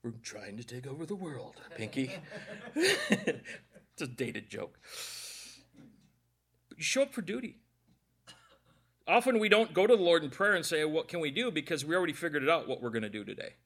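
A middle-aged male preacher with a somewhat high voice gives a conversational sermon. He tells stories, cracks jokes and talks straight to people in the pews. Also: big pitch swings, brisk, pauses often, a bit bright. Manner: jokey storytelling, addresses the congregation directly.

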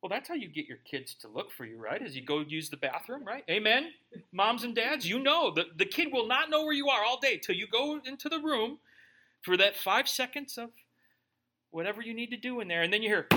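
A man's voice: high-pitched, lively intonation, fairly quick, sharp tone. A man preaching a sermon in a loose, joking, conversational way, often tagging lines with "right?". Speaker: pastor.

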